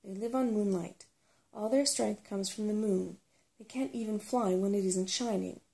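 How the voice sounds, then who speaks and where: A woman doing a fat, jittery male dwarf who explains things anxiously, in a mellow, gravelly storybook voice. It is read softly, in the manner of ASMR storytelling. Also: mid-range voice, steady tone, moderate pace, close to an everyday voice. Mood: nervous. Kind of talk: soft-spoken ASMR storytelling.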